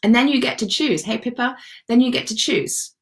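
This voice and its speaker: A woman's voice: a little high, animated, normal speed. A woman hosting a live self-love session, chatting casually and encouragingly as she reads out viewers' comments. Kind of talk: casual live-stream chat.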